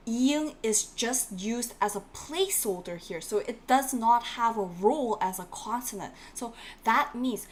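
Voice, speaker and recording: A woman's voice: fairly high pitch, lively intonation, a little slow, few pauses. A woman teaching a Korean class on a live stream, encouraging her students and repeating key words so they sink in. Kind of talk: live-streamed online lesson.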